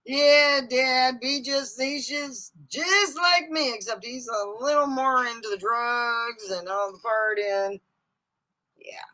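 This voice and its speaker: A woman host telling funny family stories on a live stream, animated, often laughing and jumping into high excited squeals. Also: slow pace, rough recording. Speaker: comedic storyteller hosting a live stream. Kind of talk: casual stand-up style family storytelling. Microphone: streaming mic.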